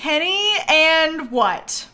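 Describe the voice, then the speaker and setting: A young woman live-streams a life-sim game, talking extremely slowly. She's excitable and laughs often, swinging between squeals and low mutters.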